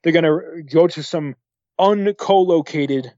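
A man's voice: fairly high pitch, measured pace, no room sound, highs cut off. A man from upstate New York, a former air traffic controller, chatting as a podcast guest and acting out the voices in his stories. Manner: animated storyteller who acts out quoted voices. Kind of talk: casual conversation.

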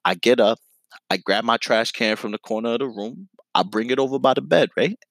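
A man's voice: medium pitch, a little fast, gravelly, fairly bright tone, dry recording. A young man telling a story in a casual, profane, slang-heavy way, full of filler phrases.

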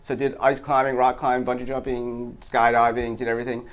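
A man's voice: mid-range voice, level tone, fairly quick. A man from Baltimore speaking as a guest, explaining things in a plain, matter-of-fact way. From Baltimore, USA. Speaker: guest, park owner. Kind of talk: casual interview.

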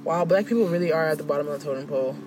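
A man's voice: a little high, racing, background noise. A man in casual chat, ranting animatedly and mocking the voices of people he quotes.

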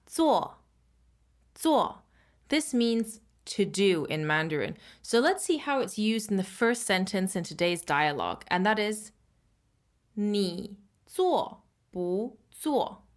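A woman teaching on a language podcast at an everyday mid pitch. She talks easily and conversationally, then draws out the example words slowly and clearly for learners to copy. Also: animated. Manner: slows down and stretches Mandarin words for learners. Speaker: Mandarin teacher and co-host. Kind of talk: casual lesson explanation.

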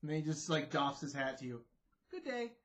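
A man's voice: medium pitch, steady tone, fast talker, a bit bright, muffled recording. A man narrating as game master, playful and a bit rambling, laughing between beats.

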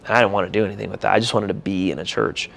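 A young pastor tells his story in a relaxed interview, his voice edged with a gravelly fry. He talks in an animated, slangy way and acts out his own past reactions as he goes. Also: on the low side, rapid-fire, a little hiss or hum. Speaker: pastor and church founder.

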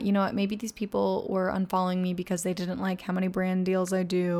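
A woman's voice: fairly low pitch, vocal fry, darkish tone. A woman in her twenties hosting a podcast, talking at home in a candid, self-mocking monologue and swearing often. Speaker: podcast host. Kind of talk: casual confessional monologue.

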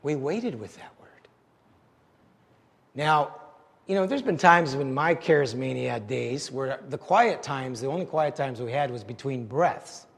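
A man preaching a sermon as pastor, animated and conversational, joking at his own expense. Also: medium pitch, measured pace, creaky, big-room sound. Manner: animated and conversational, with self-deprecating jokes.

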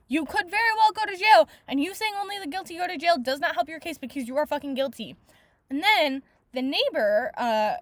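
High-pitched woman ranting about a book on her podcast, cursing a lot, super dry close mic. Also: no room sound. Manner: rants exasperatedly, swears often, many "like" fillers. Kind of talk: casual book review monologue.

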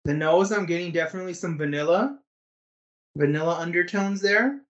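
Easygoing male co-host, slightly high voice. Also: fairly quick, muffled recording. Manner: relaxed, rambling with many fillers. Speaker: podcast co-host. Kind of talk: casual chat.

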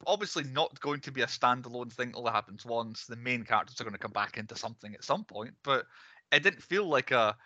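Bright-voiced man ranting. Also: mid-range voice, animated, dry recording, dull audio. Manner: opinionated, ranting, fast asides. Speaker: podcast co-host. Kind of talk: casual ranting film chat.

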